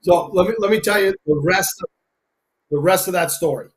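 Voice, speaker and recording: A man with a high-pitched voice tells stories on a live stream. He is animated and casual, and he acts out the people he quotes. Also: brisk, noisy background. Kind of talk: casual storytelling chat.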